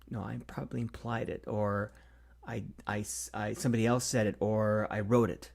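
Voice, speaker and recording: A man's voice: on the low side, brisk, vocal fry, a little mellow. A middle-aged man talking casually to camera about marketing, thinking aloud with frequent fillers and restarts. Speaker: marketing consultant hosting a Q&A series. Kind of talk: casual solo talk to camera.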